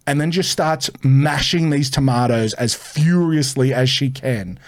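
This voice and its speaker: A man's voice: mid-range voice, a little slow. A man telling a rowdy story on a comedy podcast, swearing freely and dropping his voice to quote people. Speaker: comedian guest. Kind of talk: casual storytelling.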